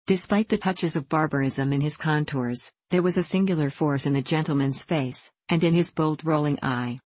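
A woman narrating a classic novel in a measured, even reading. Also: low-pitched, dry recording. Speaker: audiobook narrator. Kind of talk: scripted narration.

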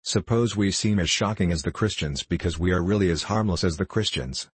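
A young male anarchist orator, declaiming in a low, penetrating voice that runs very deep, as an audiobook narrator puts him on. His tone is husky and dry, close to the mic, and he builds his case in rhetorical, impassioned periods. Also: a little fast, dry recording. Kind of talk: audiobook character voice.

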